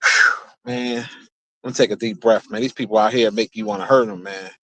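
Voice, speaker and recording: A man's voice: fairly low pitch, steady tone, a little fast, pushed and bright, no room sound. A young man rambling to his viewers in a car, cursing freely and talking straight to them between stretches of driving. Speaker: streamer. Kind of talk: casual rambling chat while driving.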